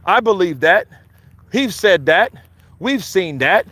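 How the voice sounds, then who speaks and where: Joking Philadelphia man, fairly high voice. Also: big pitch swings, measured pace, fairly bright tone, no room sound. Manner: loose, joking, hypes up with repeated chants. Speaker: boxing commentary host. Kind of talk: casual live-stream chat.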